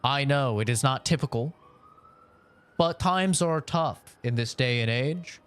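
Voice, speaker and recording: A man's voice: medium pitch, measured pace, fairly bright tone, clean tone, soft background music, natural voice. A man doing a stiffly formal polite customer. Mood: overly polite. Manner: stiff, exaggeratedly formal and courteous diction. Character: overly polite, formal male customer making a complaint.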